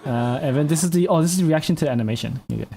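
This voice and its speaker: A man's voice: a little high, rapid-fire, vocal fry, slightly rough. A man, the host, commenting casually on event footage, chuckling often and rambling with restarts. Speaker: channel host. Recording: loud event crowd and noise behind.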